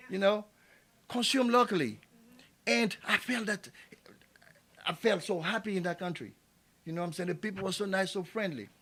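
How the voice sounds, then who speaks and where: A man speaks at a small community gathering. His voice sits high and sounds bright and forceful. He talks with passion, repeats key phrases and pushes them louder. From Ivory Coast. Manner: passionate, emphatic, repeats himself and builds to louder calls. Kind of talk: impassioned public tribute speech. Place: small cafe event space.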